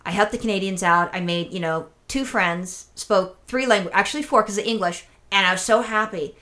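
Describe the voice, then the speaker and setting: A woman casually telling a long, animated story on a chat show, acting out the voices of people she met and swearing freely. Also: medium pitch, fairly quick. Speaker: podcast co-host telling a story.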